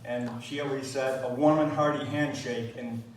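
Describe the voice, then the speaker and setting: A middle-aged man speaking at a memorial gathering, reminiscing with frequent pauses and fillers. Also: medium pitch, steady tone, a crowd in the background. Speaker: eulogy speaker. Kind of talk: memorial speech. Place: large room at a gathering. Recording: distant mic in echoey room.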